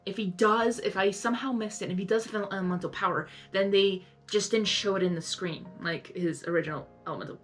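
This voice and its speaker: A woman's voice: medium pitch, fairly even intonation, fast talker, hardly any pauses, a bit bright. Young woman doing a live reaction, rambly and chatty, says like constantly, faint music behind. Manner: chatty, lots of "like", talks back to the characters. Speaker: reaction video host. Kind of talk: casual live reaction commentary.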